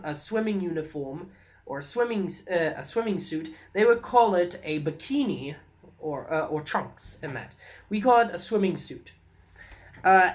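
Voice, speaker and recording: A woman's voice: mid-range voice, a bit bright. A woman from South Africa with a South African English accent, chatting casually in a vlog, rambling and repeating words for emphasis. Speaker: vlogger.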